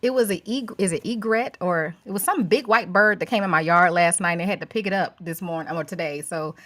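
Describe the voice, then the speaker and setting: A woman raised in St. Louis and born in Florida, a guest cook giving relaxed tips on a video call and calling people "honey". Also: lowish voice, brisk, no echo. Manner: folksy, says "honey" and "y'all" a lot. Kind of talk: casual livestream cooking chat.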